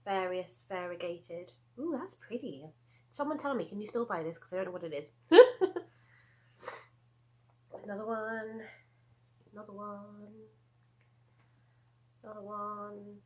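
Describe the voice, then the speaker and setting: At home, a woman in her thirties rambles casually through a show-and-tell of her handmade crochet, laughing and adding asides as a crochet vlogger. Her mid-range voice has a dark tone and a measured pace with frequent pauses. The audio is poor.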